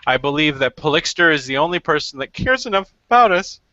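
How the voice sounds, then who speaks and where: Bright-voiced man hosting a chat. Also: fairly high pitch, animated, fairly quick, dry recording. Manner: rambling, joking, reads viewer questions. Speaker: hangout host. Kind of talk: casual group video chat. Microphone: video call mic. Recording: slightly muffled lo-fi call audio.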